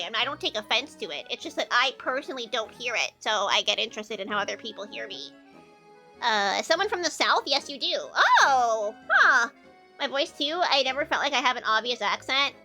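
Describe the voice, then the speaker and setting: A woman with a Midwestern accent streams live, chatting casually and answering viewer comments, her talk full of fillers. Her voice sits high and sounds bright and sharp. Soft music plays faintly behind her. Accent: Midwestern American. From American Midwest.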